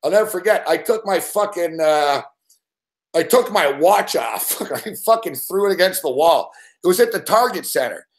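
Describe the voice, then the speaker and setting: A show regular tells a rambling story in casual chat, swearing constantly and acting out growls and laughs. His voice sits high and sounds animated, at normal speed.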